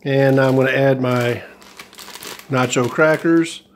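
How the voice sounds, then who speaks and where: Flat-voiced man rambling through a vlog. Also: mid-range voice, slow, a little hiss or hum. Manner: rambling, hesitant, many fillers and restarts. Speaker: ration review vlogger. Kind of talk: casual food review vlog.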